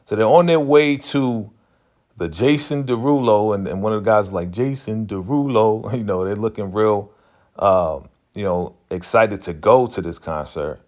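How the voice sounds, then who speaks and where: A man's voice: lowish voice, normal speed. A man giving a casual, chatty recap of a TV episode, loose and full of slang and "you know" fillers. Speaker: TV recap channel host.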